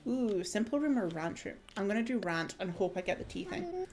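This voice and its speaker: A woman's voice: mid-range voice, big pitch swings, a little fast, music in the background. A woman livestreaming a game, chatting casually, reacting aloud and laughing easily. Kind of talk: casual gameplay commentary.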